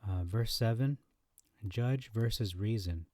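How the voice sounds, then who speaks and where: A man hosting a scripture comparison lesson, reading verses aloud and thinking out loud with fillers, on a close mic. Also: fairly low pitch, slow, no room sound. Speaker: Bible teacher.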